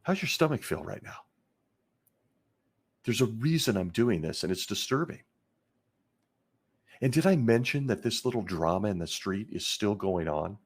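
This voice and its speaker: Podcast guy, low raspy voice, real slow and heavy, long pauses. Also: lively intonation. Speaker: podcast host. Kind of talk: emotional podcast monologue.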